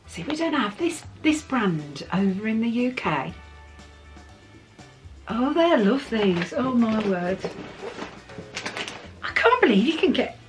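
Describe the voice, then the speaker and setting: An English woman from the UK, a vlogger chatting excitedly while unboxing gifts, gushing and laughing often and cooing playfully at her dogs. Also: a little high, takes it slowly, pauses often, faint music behind. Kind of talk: casual unboxing chat.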